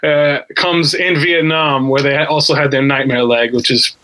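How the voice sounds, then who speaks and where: A man's voice: on the high side, steady tone, normal speed, bright, forceful tone, poor audio. A man hosting a podcast, chatting casually and enthusiastically about a reality race. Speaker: podcast host. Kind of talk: casual recap chat.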